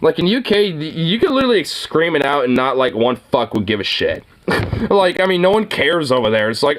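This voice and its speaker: Animated, swearing reaction streamer. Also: mid-range voice, a little fast. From United States. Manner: rambling, heavy on filler words, mocking, laughs often. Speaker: streamer reacting to viral clips. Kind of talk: casual profane reaction commentary.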